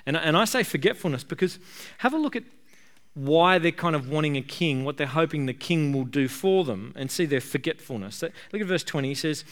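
A man's voice: on the high side, animated, a little fast, a bit bright. A man preaching a sermon in a conversational, emphatic way, often repeating words and using fillers. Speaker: pastor.

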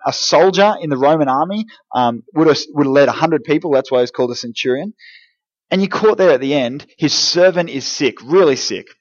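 A man giving a lively, jokey youth group talk, speaking straight to teenagers. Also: mid-range voice, lo-fi sound. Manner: energetic, jokey, direct address to teens. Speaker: youth pastor.

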